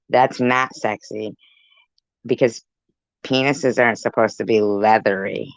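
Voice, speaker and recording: A woman's voice: rumbling low, steady tone, slow pace, pauses often, dry recording. A woman hosting a casual livestream, reading chat comments aloud, laughing often and teasing viewers with crude, disgusted reactions. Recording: dull lo-fi sound.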